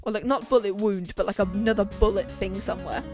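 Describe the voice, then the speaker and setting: A woman's voice: mid-range voice, steady tone, brisk, over music. Chatty young woman reading game dialogue. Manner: chatty, reacts aloud while reading. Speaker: streamer. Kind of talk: let's play, reading dialogue aloud.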